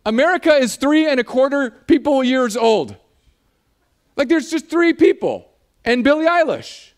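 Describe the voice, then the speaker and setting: A man preaching a sermon in a church, animated and jokey, acting out voices as he talks. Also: extremely high pitch, unhurried. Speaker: pastor.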